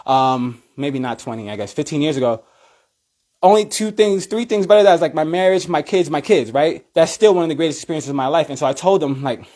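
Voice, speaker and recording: Man in his thirties, cheer coach, lively storytelling, slightly high voice, jumps up into high squeals for quoted thoughts. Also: fast. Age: 30s. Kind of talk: animated storytelling.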